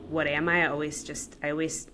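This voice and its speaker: A woman's voice: sits low, flat delivery, a little fast, bright, forceful tone, a little hiss or hum. A woman co-hosting a podcast, talking in a rambling, casual way with many fillers. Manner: rambling, heavy use of "like". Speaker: podcast co-host. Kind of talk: casual conversation.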